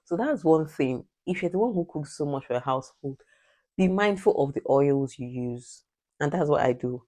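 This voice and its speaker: A Nigerian woman vlogger gives direct, emphatic advice in a casual vlog, repeating her points like a preacher. Her voice sits low and sounds dark, animated, at normal speed.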